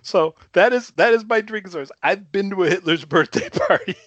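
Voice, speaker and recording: A man in his fifties from Chicago, guest on a casual talk show, telling a story with lively energy, swearing freely and chuckling between lines. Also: high-pitched, brisk, dry recording, dull audio. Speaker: podcast guest.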